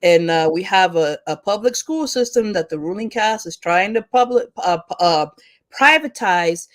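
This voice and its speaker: A woman's voice: fairly low pitch, expressive, normal speed. Fiery, profane woman ranting in discussion. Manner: frequent restarts and stumbles. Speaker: teacher and panel guest. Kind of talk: impassioned discussion.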